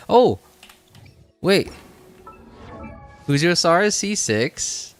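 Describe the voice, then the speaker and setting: A man's voice: on the high side, very animated, takes it slowly, long pauses, clear, resonant tone, soft background music. A man streaming a video game, chatting casually and rambling, with frequent self-corrections and laughs. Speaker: gaming streamer. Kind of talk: casual gameplay commentary.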